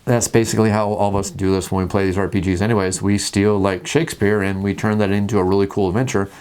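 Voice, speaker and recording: A man hosting a casual talk about tabletop games, jokey and animated, acting out scenes at the table. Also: on the low side, fast, smooth. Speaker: host.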